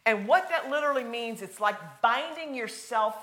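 A woman preaching a sermon in a folksy, conversational way, swinging from loud emphasis to hushed, near-whispered lines. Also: a little high, lively intonation, normal speed, few pauses.

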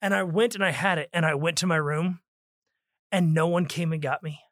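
A man's voice: a little high, fairly quick, no room sound. Dry-voiced man chatting on a podcast. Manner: reads quoted passages with stressed words, lively. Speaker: podcast co-host. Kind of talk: casual book discussion with read-aloud passages.

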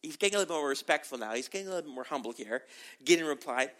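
A male pastor preaching a sermon, animated, acting out quotes and often asking "right?". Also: a little high, very fast. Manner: animated, acts out quotes, tag questions.

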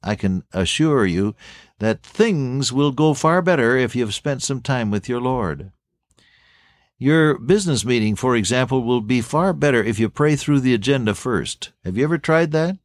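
A man preaching a sermon in an earnest way, slowing down to stress key phrases and swinging his voice up and down. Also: mid-range voice, lively intonation, dry recording, studio quality. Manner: earnest, rising and falling emphasis, slow stress on key phrases.

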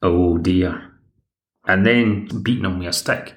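Gravelly Scottish man recapping a show. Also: low-pitched, normal speed. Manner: chatty, rambling, wry asides. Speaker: podcast host. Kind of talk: casual episode recap. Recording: echoey room.

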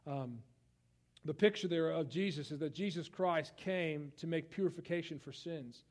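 A young man preaching a sermon in a conversational style, swinging from hushed tones to loud outbursts. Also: a little high, moderate pace. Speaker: pastor.

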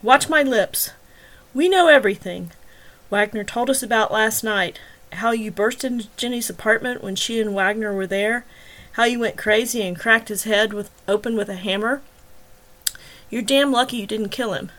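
Woman doing a tough worried dad detective, blunt and pushy, a bit higher and louder than her narration. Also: moderate pace, natural voice. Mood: stern. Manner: blunt, pressing, interrogating. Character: stern worried middle-aged male detective father.

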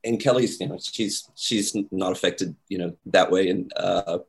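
A man telling a story in casual chat, animated, acting out the voices of the people in it. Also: low-pitched, unhurried, creaky. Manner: animated, acts out quoted voices, many "like"s.

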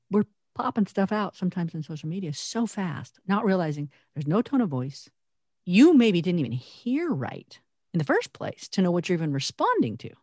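A woman co-hosting a podcast, talking earnestly and reflectively with animated emphasis. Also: on the low side, no echo, studio quality. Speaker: podcast co-host. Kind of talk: conversational podcast talk.

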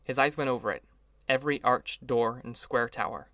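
This audiobook narration of a classic novel comes from a male reader with a mid-range pitch and a steady, measured delivery. It's a scripted reading, recorded close and dry without any room sound.

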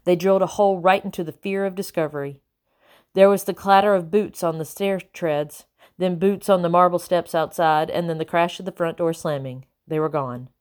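Woman audiobook narrator, steady, measured, lowish. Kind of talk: first-person audiobook narration.

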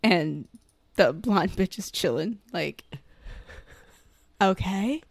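A woman recaps a movie scene by scene in an easy, chatty way. She acts out the characters' lines and swears freely. The voice sits at a middle pitch, close to the mic, with a dry, dead room sound. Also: moderate pace, gravelly, no echo. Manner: animated storytelling, acting out characters with profanity. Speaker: podcast co-host recapping a film. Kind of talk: casual chat.

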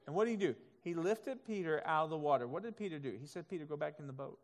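A man preaches a sermon from the pulpit, his voice set slightly high. He drops to soft, quiet stretches and builds to loud, emphatic ones, now and then acting out God's voice. A long hall reverb trails every phrase. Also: lively intonation, fast. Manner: acts out God's voice in quoted asides. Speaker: pastor.

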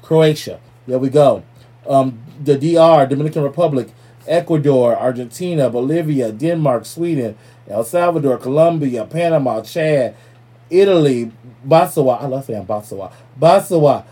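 A man hosting a podcast in loose, profane, playful casual chat, giving listeners shout-outs. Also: medium pitch, moderate pace, slightly rough. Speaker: podcast host.

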